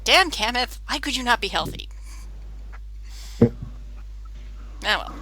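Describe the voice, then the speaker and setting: A woman playing a tabletop game, eager and quick to react. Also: a little high, sing-song, pushed and bright, low-quality recording. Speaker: player. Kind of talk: casual tabletop game talk.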